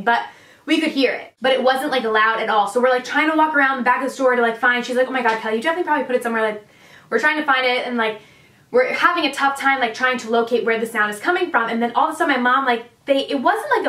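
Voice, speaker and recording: A woman's voice: a little high, quick pace, fairly bright tone. A young adult woman chatting through a storytime vlog, with lots of casual fillers. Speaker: vlogger. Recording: echoey room, distant mic.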